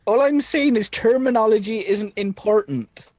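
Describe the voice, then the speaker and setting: A woman's voice: fairly high pitch, normal speed, darkish tone, dry recording, natural voice. A woman voicing a tiny, boastful male alien engineer in a tabletop role-play, blustering and calling everyone mate. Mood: chatty.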